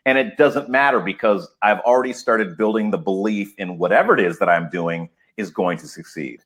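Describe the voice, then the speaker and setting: A man speaking as a podcast guest, excited and emphatic, laughing often as he talks. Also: fairly low pitch, brisk. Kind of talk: enthusiastic podcast interview.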